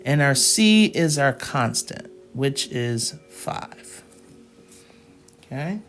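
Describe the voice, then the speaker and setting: Slow, patient woman teaching math. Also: very deep voice, lively intonation, soft background music. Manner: slow, patient step-by-step explaining with check-ins. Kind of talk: live classroom math lesson.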